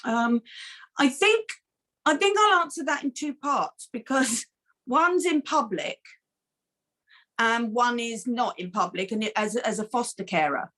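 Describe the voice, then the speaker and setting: Middle-aged woman, foster carer answering interview questions, earnest and animated, slightly high voice. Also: a little slow. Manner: earnest, animated storytelling with many restarts.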